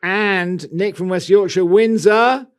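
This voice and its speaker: A man's voice: high-pitched, slow pace, clean tone. A man co-hosting a gardening podcast, chatting casually in a dry, wry and slightly hesitant way. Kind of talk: casual chat.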